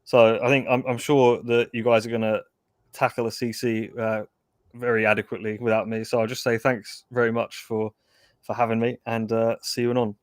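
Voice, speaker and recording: A man's voice: medium pitch, level tone, a little fast, no room sound, studio quality. A man on a podcast as a guest, talking casually and politely.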